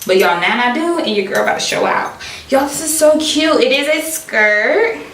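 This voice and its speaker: A woman's voice: high voice, lively intonation, moderate pace, fairly bright tone. A young woman unboxing clothes for her vlog, dramatic and gushing, calling her viewers y'all. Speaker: fashion vlogger. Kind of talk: excited unboxing chat. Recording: roomy echo, mic at a distance, faint noise.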